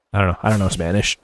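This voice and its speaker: A man streaming a game live, chatting casually with viewers and rambling with lots of fillers and quick chuckles. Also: low-pitched, a little mellow, a little hiss or hum. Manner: chats with viewers while playing. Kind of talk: casual gameplay commentary.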